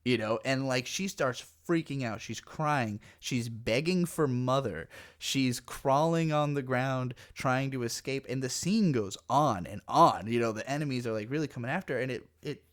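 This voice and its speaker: A male anime reviewer talking casually through an episode. His mid-pitched voice jumps up sharply when he gets worked up, and he swears freely and tells the plot in an excitable rush. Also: moderate pace. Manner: animated, profane, excitable storytelling. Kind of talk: casual commentary.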